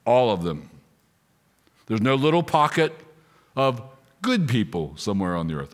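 A man preaching an expository sermon, emphatic and full of rhetorical questions, slowing down to read scripture. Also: medium pitch, big pitch swings.

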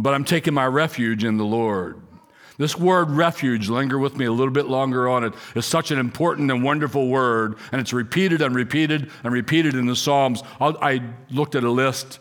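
A middle-aged man preaching a sermon to a congregation in a church, earnest and repetitive, dropping low for asides. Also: a bit bright. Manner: earnest, repeats key words, drops low for asides. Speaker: pastor.

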